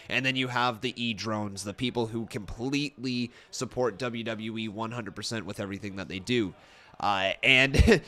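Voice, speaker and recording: A man's voice: medium pitch, bright, forceful tone. Tired-sounding man hosting a live stream. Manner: chatty, reads out viewer comments. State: tired, slightly strained voice. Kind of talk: casual live-stream chat.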